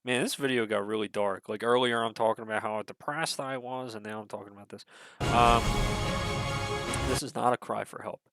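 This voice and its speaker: Loud music sits behind this young man's brisk, medium-pitched voice as he reacts to a trailer. A video creator with a stuffy nose, he rambles casually, curses frequently, stumbles over fillers, and swings into excited bursts.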